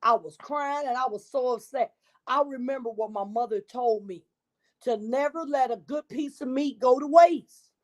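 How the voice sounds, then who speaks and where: A woman's voice: high-pitched, moderate pace, darkish tone. Woman reading a bedtime story.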